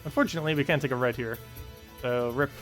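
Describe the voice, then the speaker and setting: A man streaming a puzzle game, giving casual, quick play-by-play as he thinks aloud. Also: medium pitch, faint music behind. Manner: quick, mumbled play-by-play talking to himself. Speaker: gaming streamer. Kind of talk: casual live-stream commentary.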